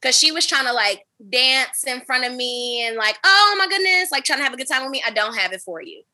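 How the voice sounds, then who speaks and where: Bright, animated woman telling a story. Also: a little high, brisk. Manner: animated, profane, dramatic retelling. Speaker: podcast host. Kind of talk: casual storytelling chat.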